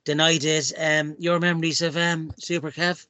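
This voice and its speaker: A man's voice: a little high, little pitch movement, moderate pace, sharp tone, slight background noise. A man hosting a casual chat, affable, thanking co-hosts and passing the conversation on. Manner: affable, hands over to guests. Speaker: podcast host.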